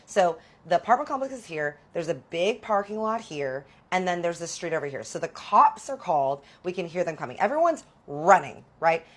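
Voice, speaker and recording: A woman in her thirties telling a dramatic personal story in casual storytime style, animated and full of fillers. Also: lowish voice.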